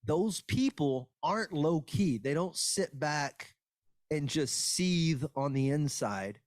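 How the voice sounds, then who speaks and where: High-voiced man arguing his point. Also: animated, takes it slowly, dry recording. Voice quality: argumentative, profane, emphatic. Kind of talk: casual podcast chat.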